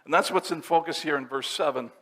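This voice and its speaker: A pastor giving a sermon, explaining scripture verse by verse in a teaching manner. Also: male voice, on the high side, fast, fairly bright tone. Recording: long reverb of a church hall.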